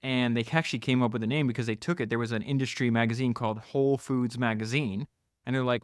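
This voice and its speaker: A man's voice: medium pitch, steady tone, fast, clear, resonant tone, no room sound. A man in a mid-range voice hosts a podcast, recounting a biography with eager enthusiasm and plenty of restarts. The sound is dry and close, with no room around it. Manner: enthusiastic, frequent restarts and "you know". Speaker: podcast host. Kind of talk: retelling a biography, casual podcast talk.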